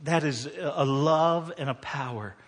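A man preaching a sermon as pastor, telling a story and swinging between hushed, quiet passages and loud, emphatic ones. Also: fairly high pitch, measured pace. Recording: long hall reverb.

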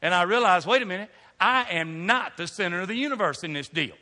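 Lively pastor preaching in a reverberant hall. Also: male voice, high-pitched. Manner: animated storytelling with humor and rapid restarts. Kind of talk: sermon. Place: church sanctuary before a congregation. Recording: long reverb of a large hall.

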